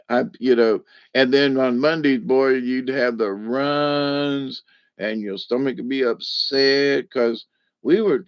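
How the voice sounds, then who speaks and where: A gravelly-voiced man spins rambling stories in a folksy manner and chuckles as he goes. The recording sounds dull and lo-fi, and his pitch sits in an average range. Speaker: vlogger. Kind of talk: casual storytelling monologue.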